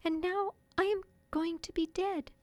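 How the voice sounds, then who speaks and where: A tiny female fairy, fiery and devoted, voiced by a woman reader. Her voice sits far above the narration, high and ringing like a bell. The sound is dry and close. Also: steady tone, unhurried, a little mellow, dry recording. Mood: faint.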